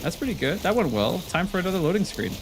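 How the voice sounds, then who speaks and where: A man's voice: sits high, sing-song, fast, noisy background. A man streaming a game live, talking to himself in a rambling, playful way. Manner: rambling, playful self-talk. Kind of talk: live gameplay commentary. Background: game music.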